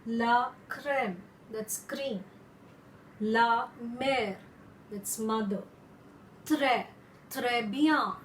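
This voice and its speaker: A woman French teacher who explains slowly and carefully and repeats her examples. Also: a little high, a little hiss or hum. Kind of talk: instructional lesson. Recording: echoey room.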